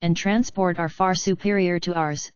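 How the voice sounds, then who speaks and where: A woman reading the part of a thoughtful young woman who speaks in a measured, reasoned way. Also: on the low side, steady tone, clear, resonant tone, no room sound, highs cut off, close to an everyday voice. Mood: reasoning.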